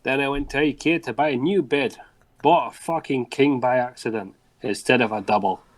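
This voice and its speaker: Man putting on a Scottish-accented young bloke, slow comic read. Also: medium pitch, natural voice. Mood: comic deadpan. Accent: put-on Scottish. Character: young man telling a clumsy late-night mishap. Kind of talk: reading a chat message aloud in a put-on accent.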